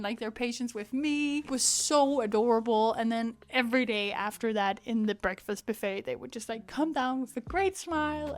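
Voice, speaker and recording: A young woman, chatting casually to her vlog audience in an animated way, full of filler words. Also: a little high. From Denmark. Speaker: vlogger.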